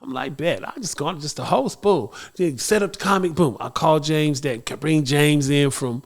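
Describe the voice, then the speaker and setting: A man's voice: fairly high pitch, normal speed, vocal fry. A man hosting a podcast, also a radio morning host, telling a personal story in a casual, slangy, emotional way.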